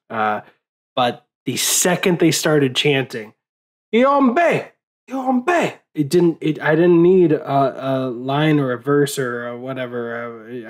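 An exhausted man speaks in an unhurried, meandering way, his speech full of ums and uhs. He swears easily and sounds heavy with grief, like a fan thinking out loud after a loss. His pitch sits in an ordinary middle range. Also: poor audio. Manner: profane, grieving, rambling with many fillers. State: tired, late at night. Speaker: movie vlogger. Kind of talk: casual rambling monologue.

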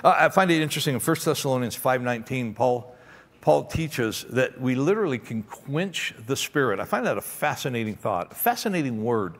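A man preaching a sermon as pastor, animated and emphatic, telling stories to make his points. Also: mid-range voice, fairly quick. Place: large church auditorium. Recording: long hall reverb in a church.

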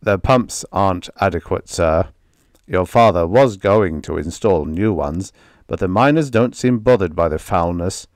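A man voicing a steady, deferential male mine foreman who speaks plainly and respectfully. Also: low voice, unhurried, no echo, studio quality. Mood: matter-of-fact. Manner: plain, respectful, matter-of-fact.

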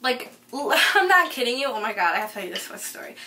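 A woman's voice: a little high, very animated, sharp tone. A young woman vlogger telling work stories in a casual rant while doing her makeup, full of "like" and swearing. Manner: fast, ranting, lots of "like" and swearing. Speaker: beauty vlogger.

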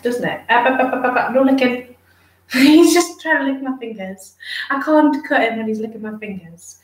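A fairly high-voiced woman chats casually to her viewers while grooming her dog, slipping into cooing baby talk for the dog. She sits back from the mic in a roomy space. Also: animated, moderate pace, recorded from a distance, soft background music. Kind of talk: casual live chat with viewers.

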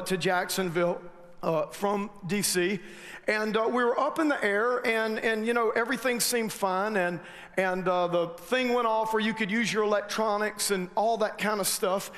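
A man preaching a sermon, telling a story with lots of restarts and rising energy. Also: sits high. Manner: animated storytelling with frequent restarts. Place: large church hall. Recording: long hall reverb, faint noise.

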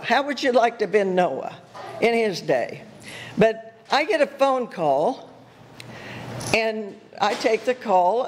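An older woman giving a guest sermon, telling personal stories in an animated way, laughing and acting out her own thoughts. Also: on the high side. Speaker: guest speaker at church. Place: church sanctuary. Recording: echoey church hall with faint noise.

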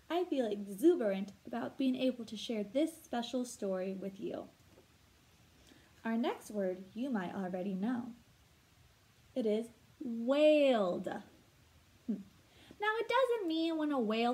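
A woman teacher explaining vocabulary words slowly and clearly, asking her listeners questions as she goes. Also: fairly high pitch, a little mellow, low-quality recording. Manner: slow, clear teacher talk with rhetorical questions. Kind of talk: read-aloud vocabulary lesson.

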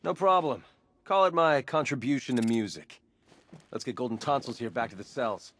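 An actor playing a cocky young male sidekick in a video game, quick and wisecracking. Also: mid-range voice, fairly bright tone, a little hiss or hum, close to an everyday voice. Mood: wry.

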